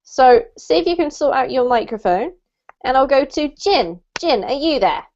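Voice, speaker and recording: A woman teaching an online English class over a video call, encouraging and slowing down to model words. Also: high-pitched, animated, a little mellow, slight background noise. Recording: muffled lo-fi call audio.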